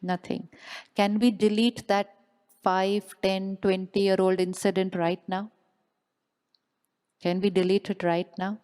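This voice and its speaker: A woman's voice: mid-range voice, little pitch movement, slow pace, long pauses, darkish tone, clean tone. Woman speaker, motivational stage talk, keeps quizzing the crowd and repeating the line. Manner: asks the audience questions and repeats them. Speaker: spiritual speaker. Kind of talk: motivational talk to a live audience.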